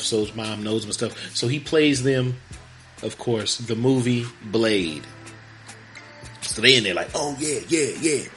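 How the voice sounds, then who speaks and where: A man's voice: mid-range voice, fairly bright tone. Man, podcast host, rambling plot recap with acted-out lines, faint music underneath. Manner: rambling, acts out characters' lines in quick voices. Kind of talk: casual movie recap.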